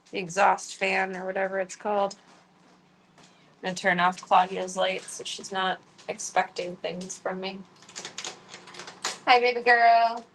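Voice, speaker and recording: A woman's voice: mid-range voice, a bit bright, low-quality recording. A young woman streaming from her home kitchen, chatting casually and rambling with lots of filler words. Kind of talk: casual chat.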